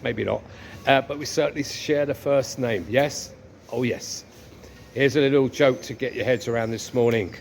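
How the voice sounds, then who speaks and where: A man's voice: mid-range voice, normal speed, vocal fry, a little hiss or hum. A man telling a joke and making self-deprecating asides to his viewers between skit lines. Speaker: comedy sketch host. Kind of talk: casual comic skit narration.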